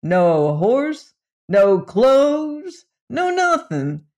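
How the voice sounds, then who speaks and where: A man's voice: very high-pitched, big pitch swings, very slow, darkish tone, pitched above the performer's own voice, exaggerated voice. A man voicing a plainspoken old western sheriff with a rural drawl. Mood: folksy storytelling.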